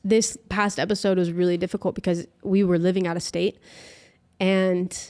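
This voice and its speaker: A woman's voice: on the low side, little pitch movement, normal speed, dark tone. Young woman telling a personal story. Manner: chatty, heavy use of filler "like". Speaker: podcast guest.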